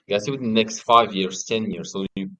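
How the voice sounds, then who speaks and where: A young man in a casual interview, telling stories in an animated way and swearing often. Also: fairly low pitch, quick pace, dry recording, low-quality recording. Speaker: guest.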